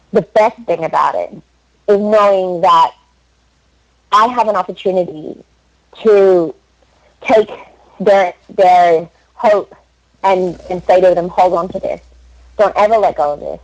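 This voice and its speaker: An Australian woman, a voice actress and comedian, chatting in an animated, storytelling way in an interview. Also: lowish voice. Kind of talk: casual interview chat. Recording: dull lo-fi recording.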